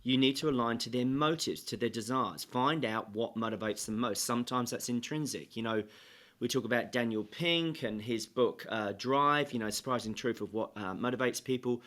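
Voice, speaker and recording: Guy on a podcast interview, explains slowly with lots of "you know", middle-aged. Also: medium pitch, a bit bright. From England. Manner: measured, explanatory, with many fillers. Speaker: podcast guest, sales trainer. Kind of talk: interview conversation.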